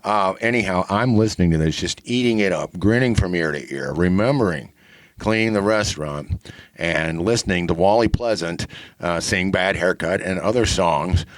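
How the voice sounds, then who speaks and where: Deep-voiced man telling a rambling story. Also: moderate pace, no room sound. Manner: rambling, many fillers, deadpan humor. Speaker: podcast host. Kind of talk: casual storytelling monologue.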